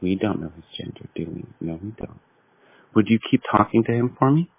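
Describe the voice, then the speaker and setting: A man making a prank phone call, talking slowly in a mystical, deadpan way that breaks into angry swearing. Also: fairly low pitch, husky, no room sound. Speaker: prank caller. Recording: tinny phone line.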